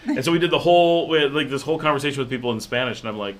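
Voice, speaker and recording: A man's voice: mid-range voice, very fast, hardly any pauses. A man with an ordinary mid-range voice hosts a casual livestream. He tells stories in an easygoing way and reads out viewer comments. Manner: relaxed storytelling, reads viewer comments aloud. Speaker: livestream host.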